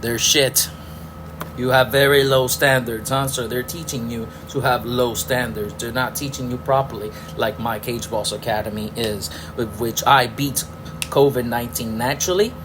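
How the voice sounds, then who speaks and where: A man's voice: mid-range voice, steady tone, moderate pace, music in the background, rough recording. A middle-aged man hosting a podcast, ranting angrily with profanity and sarcastic rhetorical questions. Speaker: podcast host. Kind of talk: ranting political commentary.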